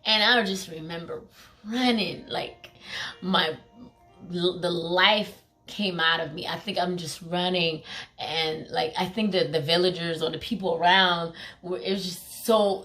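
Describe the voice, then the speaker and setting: Bright-voiced woman telling a story. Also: fairly low pitch. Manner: emphatic, heavy use of "like" and fillers; acts out quoted pleas in a raised voice. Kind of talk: casual storytime vlog.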